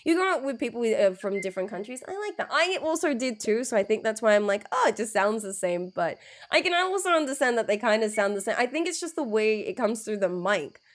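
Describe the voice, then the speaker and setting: In a slightly high, sing-song voice, a woman with a blocked nose chats and laughs with viewers while streaming a game. The talk is casual live stream chat, and she is giggly and talkative, slowly repeating words to show how they sound.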